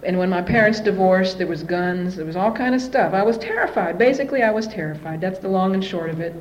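A woman telling her own story at a recovery meeting, candid and animated. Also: mid-range voice, fast talker, a little hiss or hum, poor audio. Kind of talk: personal recovery testimony.

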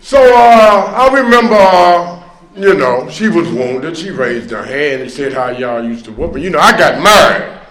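A man's voice: a little high, expressive, unhurried, a bit bright, echoey room. A man sharing his recovery testimony at a meeting, telling his story conversationally with many fillers, bursts of emphasis and rueful laughs. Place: meeting room.

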